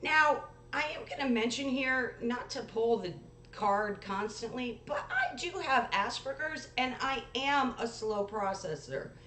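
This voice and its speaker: A woman's voice: on the high side, expressive, unhurried, pushed and bright. A woman host who recounts a dispute to her viewers in a blunt, profane way, reading out messages with lots of expression. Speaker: paranormal channel host. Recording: echoey room with faint noise.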